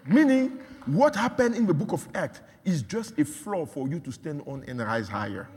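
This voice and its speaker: A man preaching a sermon, repeating phrases and building from quiet talk to shouts. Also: on the high side, expressive, normal speed, few pauses. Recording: long hall reverb.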